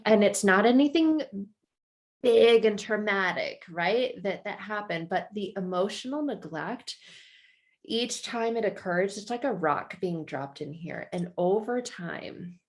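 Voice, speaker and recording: A woman presenting a casual spoken explanation, animated, often repeating words and addressing the listener directly. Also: mid-range voice, unhurried.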